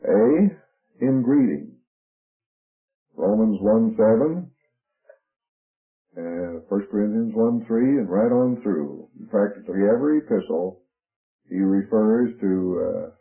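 A man with a fairly low voice teaches from scripture, moving steadily through numbered and lettered points. The sound is thin and narrow, like an old radio broadcast heard over a phone line. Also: expressive, slow, long pauses. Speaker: Bible teacher.

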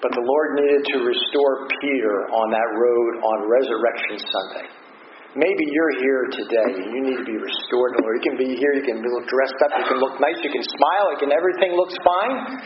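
Man, pastor preaching, emphatic slow phrases, roomy church sound, noisy background. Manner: earnest preaching, pitch swinging high and low, slow emphatic phrases. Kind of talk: sermon. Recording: dull roomy recording with noise.

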